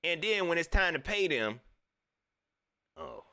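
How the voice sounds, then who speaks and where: A man from the States, giving an animated, preachy fan rant that repeats its points in slangy talk. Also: fairly high pitch, measured pace. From Southern United States. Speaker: sports vlogger, fan commentator. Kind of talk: ranting fan commentary.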